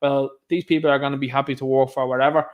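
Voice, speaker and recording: Fast and flat, with lo-fi sound, a mid-range male voice delivers solo commentary to camera. He is an Irish-accented online commentator from Ireland who scoffs, speaks sarcastically and mocks people with put-on voices.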